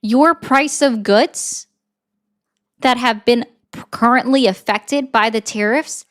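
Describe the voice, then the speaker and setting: Female commentator with a slightly high voice, brisk and assertive. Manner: rapid, assertive, lecturing. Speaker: political commentator. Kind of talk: debate and explainer commentary.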